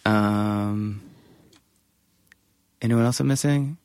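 A man on a podcast introducing a guest in a hesitant, halting way. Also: fairly low pitch, a little mellow, clear, resonant tone, dry recording. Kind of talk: casual podcast chat.

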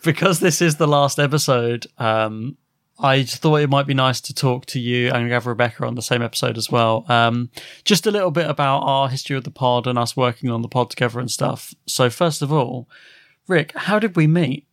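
Give me a man as podcast host, casual, chatty, a lot of ums, close dry sound, middle-pitched voice. He laughs easily between sentences and talks in an easygoing way. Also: normal speed, fairly bright tone, no echo. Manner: chatty, laughs often, hesitant fillers. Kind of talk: casual chat.

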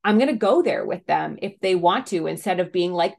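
A woman's voice: lowish voice, expressive, brisk, creaky, a little mellow. A mother speaking as a podcast guest, earnest and reflective, with frequent "like" fillers. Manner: earnest, reflective, uses 'like' often. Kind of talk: casual conversation.

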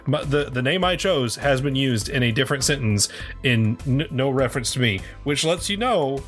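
A man's voice: mid-range voice, expressive, moderate pace, a bit bright, soft background music. Rambling, swearing man in casual chat. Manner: rambling with many fillers and restarts, swears freely. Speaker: podcast co-host.

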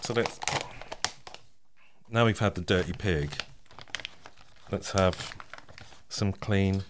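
A man's voice: sits low, slow, background noise. A man hosting a podcast in casual chat, chatty and laughing often. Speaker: podcast host.

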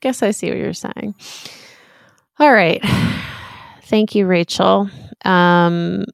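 A woman's voice: medium pitch, very slow, vocal fry, dry recording, studio quality. A woman co-hosting a casual podcast, chatting and reading listener emails aloud in an easygoing way. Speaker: podcast host. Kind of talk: casual chat.

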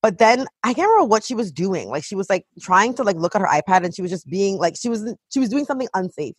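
A woman with a husky, slightly breathy voice tells animated stories in casual chat, leaning on "like" at every turn. The sound is dry and close, with no room around her. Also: mid-range voice, quick pace, dry recording. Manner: animated storytelling, heavy use of "like". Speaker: mother of a toddler.

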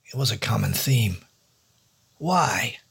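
A man reads a noir detective story in a dry, wry first-person voice. His voice is very husky and gravelly. His pitch sits in a middle range. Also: normal speed, a bit bright. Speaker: storyteller and host. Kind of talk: hard-boiled noir audiobook narration.

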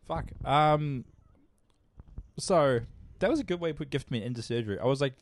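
A man's voice: medium pitch, expressive, moderate pace. A young man co-hosting a podcast in casual chat, swearing often, laughing and rambling through stories. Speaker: podcast co-host.

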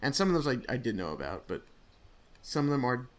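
A man talking casually on a podcast, walking his friends through how a rating-guess game works. His pitch sits mid-range. He stops often on little "uh" pauses as he thinks. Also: big pitch swings. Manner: explains rules with frequent "uh" fillers. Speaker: podcast co-host running a quiz game.

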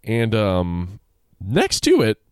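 A man co-hosting a casual podcast, joking and reacting. His voice sits low but moves around a lot in pitch. The sound is dry and close. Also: wildly swooping pitch, darkish tone, clean tone, no echo. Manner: playful, quick reactions and jokes. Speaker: podcast co-host. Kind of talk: casual chat.

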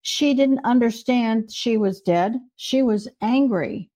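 A woman's voice: a little high, slow pace, warm tone. Earnest older woman telling stories. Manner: earnest, emphatic storytelling. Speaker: psychic medium guest. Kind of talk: storytelling in an interview.

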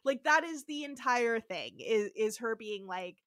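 A woman's voice: sits high, brisk, few pauses, dry recording, clean studio sound. A young woman co-hosting a podcast, recapping a show in casual chat, acting out the characters' lines and laughing often. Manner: animated, acts out quotes, laughs often. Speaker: podcast co-host.

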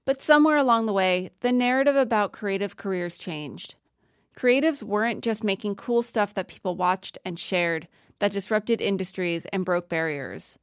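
A woman narrating a documentary in a measured, polished scripted delivery, who also puts questions to the guest. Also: mid-range voice, clean tone, dry recording, clean studio sound. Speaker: narrator and interviewer.

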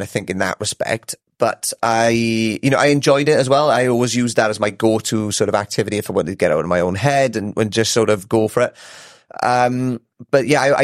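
An ultra runner guesting on a podcast chats casually in a studio, rambling, swearing freely, and laughing often. His voice is medium-pitched, and the recording is dry.

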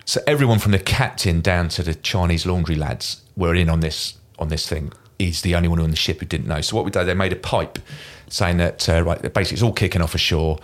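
A middle-aged former Royal Marine from Kent, England, speaks as the guest in a casual interview, telling stories from his Marine days at a brisk clip in a low, deep voice. He's an animated anecdote teller who slips into other people's voices when quoting them.

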